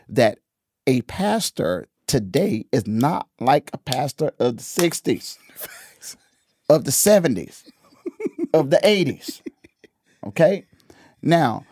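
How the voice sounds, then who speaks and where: A man hosting a podcast, talking casually about church and drifting into preaching, animated, laughing often and repeating phrases for emphasis. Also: medium pitch, slightly rough, dry recording, clean studio sound.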